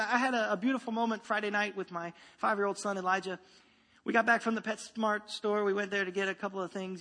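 Man, sermon, high voice, conversational, repeats and restarts, long hall reverb. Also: a bit bright. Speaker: pastor.

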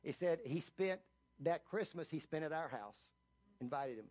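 A man, a pastor, preaching a sermon, retelling a story with many restarts and building to loud emphatic reading of scripture. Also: fairly high pitch, animated, normal speed. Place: church.

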